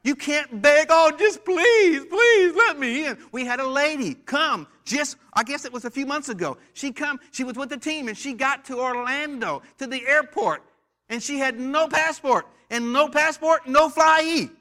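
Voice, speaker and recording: A man's voice: very high-pitched, normal speed, sharp tone. An American man preaching a sermon in church, leading call-and-response with the congregation and joking with its members. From United States. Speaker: pastor.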